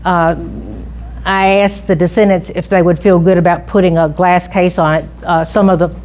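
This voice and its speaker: A woman's voice: lowish voice, level tone, normal speed, a little mellow, a little hiss or hum. A middle-aged woman giving an informal public talk on local history, chatty and full of restarts and asides.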